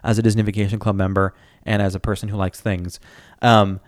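A man's voice: on the low side, level tone, a little fast, no echo, clean studio sound. A man co-hosting a podcast, sharing theme-park trivia in an upbeat, casual chat. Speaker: podcast co-host.

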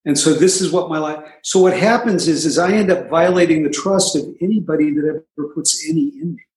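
A man with a somewhat high voice tells his own story in a relaxed, conversational way. He has a dry, self-mocking humor and keeps adding little asides. The sound rings with the echo of a reverberant room. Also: a little fast. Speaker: guest sharing his recovery story. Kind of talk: casual storytelling. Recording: echoey room.

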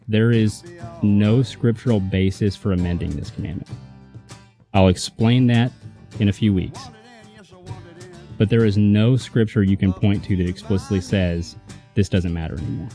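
Mellow low-voiced male Bible teacher. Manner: conversational, emphatic, checks in with "right?". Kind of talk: casual teaching talk.

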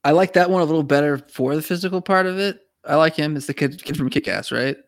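A man co-hosting a casual podcast discussion, animated and talking in quick restarts and repeated words. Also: fairly high pitch, no echo, clean studio sound. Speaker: podcast co-host.

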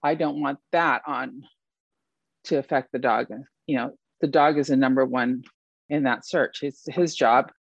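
A man as an interview guest, talking about his work as an event photographer in a casual, animated way and laughing often. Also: mid-range voice, measured pace, gravelly, dry recording, highs cut off.

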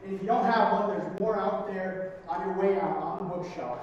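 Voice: mid-range voice, normal speed, darkish tone, dull audio. A pastor giving a conversational sermon who keeps tagging points with "right?". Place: church sanctuary. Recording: distant, echoey hall recording with faint noise.

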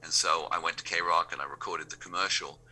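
English man, radio DJ, low voice, forceful bright tone, spins anecdotes with quoted dialogue. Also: steady tone, fairly quick. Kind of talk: anecdotal storytelling.

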